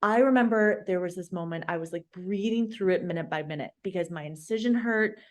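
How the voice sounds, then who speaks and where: A woman in her thirties, a dietitian guest on a podcast, telling a personal story in a casual, animated way. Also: lowish voice, fairly quick.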